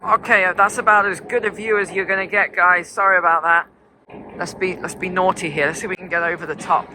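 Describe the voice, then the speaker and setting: Here a man films his walk along snowy city streets, chatting casually to viewers as a travel vlogger. He speaks in a high, steady voice, slightly quickly, over a noisy background.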